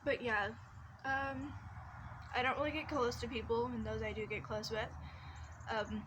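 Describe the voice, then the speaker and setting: A teenage girl vlogs casually from her bedroom, rambling through personal stories with lots of fillers and restarts. Her voice sits on the high side with fairly even intonation, and she talks at a moderate pace over some background noise.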